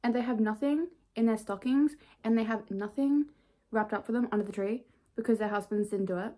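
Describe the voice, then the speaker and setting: A woman's voice: on the high side, a little fast, warm tone. A young woman in a casual bedtime vlog, chatting playfully and poking fun at herself. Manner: chatty, playful, self-mocking. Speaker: vlogger. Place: bedroom at home.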